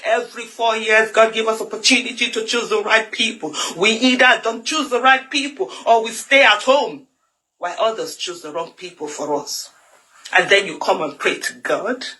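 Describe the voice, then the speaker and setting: A woman's voice: fairly high pitch, moderate pace, pushed and bright, poor audio. A Nigerian woman with a Nigerian accent giving an impassioned political monologue, fiery and emphatic with lots of repetition. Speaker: political commentator.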